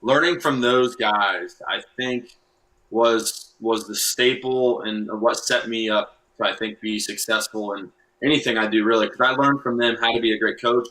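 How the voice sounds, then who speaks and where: A young adult man, a football coach, explaining plays in a relaxed podcast chat with many fillers. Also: on the low side, moderate pace, rough recording. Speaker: high school football coach. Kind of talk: casual podcast interview.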